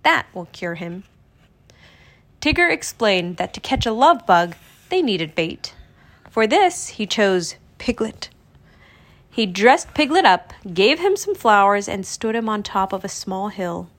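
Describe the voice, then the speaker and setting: A woman narrating a children's storybook read-aloud in an expressive, storytelling manner. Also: mid-range voice, measured pace.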